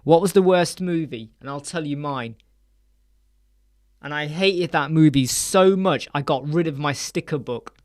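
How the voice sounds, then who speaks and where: A man, hosting a casual live stream chat from a small room lined with soundproof panels, animated and acting out quoted voices. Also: a little high, measured pace.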